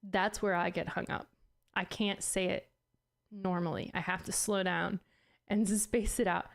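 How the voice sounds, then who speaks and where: A woman's voice: mid-range voice, flat delivery, measured pace, gravelly. A woman streaming and chatting casually, playful and self-mocking, laughing often and cursing now and then as she trips over words. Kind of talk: casual chat.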